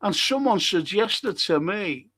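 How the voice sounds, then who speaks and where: A man's voice: sits high, lively intonation, takes it slowly, a bit bright, slightly rough, no echo. A man hosting a football fan live stream, rambling casually and swearing now and then as he reads out and answers viewer comments. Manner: rambling and chatty, wanders off topic.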